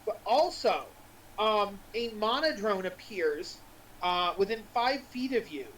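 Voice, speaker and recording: A woman's voice: medium pitch, lively intonation, slow, recorded from a distance, slight background noise, rough recording. A woman narrating as dungeon master over a voice call, casual and full of fillers. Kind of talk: narrating a tabletop game.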